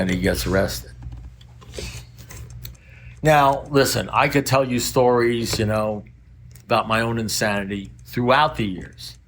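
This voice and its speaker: A man's voice: fairly low pitch, slight background noise. An older man speaking at a recovery meeting, telling rambling stories in a wry, blunt manner.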